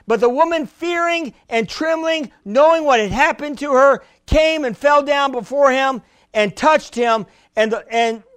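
A man with a strikingly high voice preaches with fervor, stumbling over repeated words as he presses his point. The sound is dry and close, with no room around it. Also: fairly bright tone, no echo. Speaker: pastor. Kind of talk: sermon.

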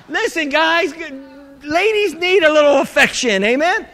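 High, bright-voiced preaching man. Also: fairly quick. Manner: animated, humorous preaching with audience call-and-response. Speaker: pastor. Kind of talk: preaching a sermon. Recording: echoey hall.

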